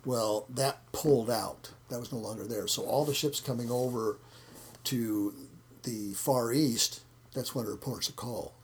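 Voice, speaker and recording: Gravelly man telling a rambling story. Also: medium pitch, measured pace, slight background noise. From United States. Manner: rambling, repeats words, acts out quotes. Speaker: interview guest, martial arts instructor. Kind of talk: casual storytelling interview.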